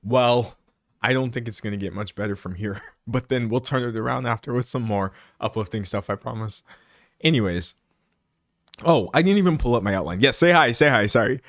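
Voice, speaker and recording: A man's voice: medium pitch, fairly quick, no room sound, studio quality. A young man hosting a live stream, chatting and ranting in a loose, rambling way with frequent laughs. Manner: animated, laughs often, rambling asides. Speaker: streamer host. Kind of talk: casual live-stream commentary. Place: room indoors, siren outside at times.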